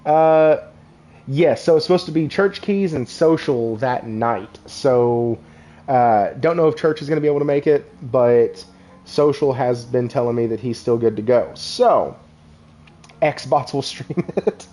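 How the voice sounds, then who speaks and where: A man's voice: mid-range voice, a little slow, mellow. A young man hosts a casual live stream, rambling and laughing as he talks to viewers in the chat. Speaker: podcast host.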